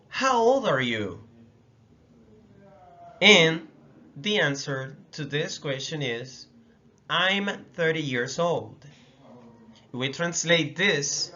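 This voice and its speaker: A man from the Dominican Republic with a Dominican Spanish accent, teaching a language lesson slowly and repeating phrases for learners. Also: on the high side, pushed and bright, dull audio.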